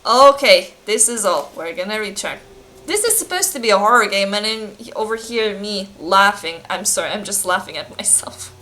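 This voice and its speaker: A woman's voice: on the high side, normal speed, pushed and bright. A young woman casually commenting on a game she plays, self-mocking and apologetic about her accents. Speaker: gamer, channel host.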